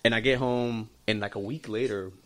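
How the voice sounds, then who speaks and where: A man telling a personal story in a casual chat, animated, swearing freely and acting out what other people said. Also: medium pitch, moderate pace. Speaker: podcast guest.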